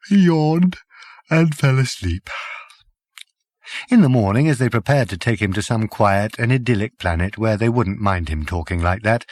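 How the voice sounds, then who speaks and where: A man narrating an audiobook with expressive storytelling. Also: mid-range voice, no room sound.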